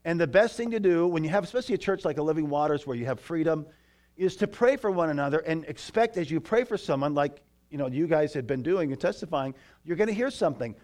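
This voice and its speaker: A man preaching a sermon in a church, telling a story with lively asides to the congregation. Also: fairly high pitch. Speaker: pastor.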